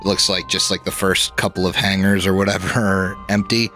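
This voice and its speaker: A man's voice: sits low, little pitch movement, fairly quick, sharp tone, faint music behind. A man narrating as game master for a tabletop role-playing podcast, in a laid-back way with frequent chuckles.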